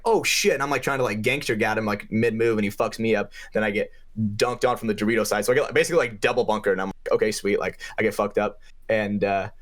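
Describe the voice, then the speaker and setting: A young man with a fairly low voice tells a paintball story on a podcast. He talks loosely and swears a lot, and his pitch leaps up whenever he hits a punchline. His delivery is casual and fired-up. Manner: animated, profane, pitch jumps up for emphasis. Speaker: podcast co-host and paintball player.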